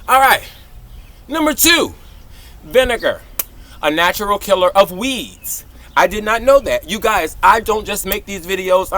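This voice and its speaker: A man, hosting a casual outdoor gardening vlog in an exuberant, affectionate, very animated way. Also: high-pitched. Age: 40s. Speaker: gardening channel host. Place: outdoors in a garden, hot day.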